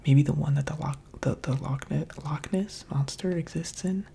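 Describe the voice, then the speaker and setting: A gaming ASMR creator whispers softly, mostly unvoiced, close to the mic while playing a video game, offering chatty, rambling, playful commentary. His voice is on the high side and gravelly at a moderate pace, with a little hiss or hum.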